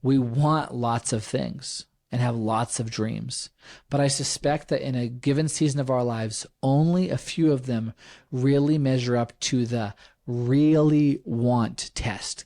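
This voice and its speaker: An earnest man talks through a reflective solo podcast at an ordinary pitch. He often stops and restarts, then slows right down to lean on the words he wants to stress, like someone counseling a listener. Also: dark tone. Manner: earnest, halting, with frequent restarts and ums. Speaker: podcast host.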